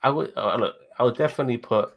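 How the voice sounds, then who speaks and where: A man's voice: mid-range voice, rapid-fire, dull audio. A man co-hosting a show, chatting casually in a rambling way, with lots of swearing and laughter. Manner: profane, rambling, laughs while talking. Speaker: podcast co-host. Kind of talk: casual chat.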